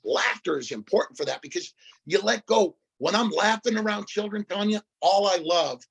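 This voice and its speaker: Gravelly, husky older man telling stories. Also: sits high, moderate pace. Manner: animated storyteller, quotes children. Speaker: guest speaker. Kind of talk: conversational podcast interview.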